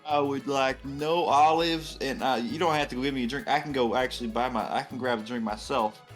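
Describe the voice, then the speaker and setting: A tabletop player speaking in character, with a wry, drawling delivery. His pitch is average, and faint music plays underneath. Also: fairly even intonation, a little fast.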